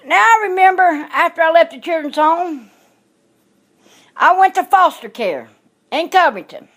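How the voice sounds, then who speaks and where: A woman with a high voice tells a personal story straight to her audience. She is blunt and outspoken, and she repeats her points to hammer them home. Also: expressive, unhurried, fairly bright tone. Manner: blunt, emphatic, repeats herself for stress. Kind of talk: emotional storytelling monologue.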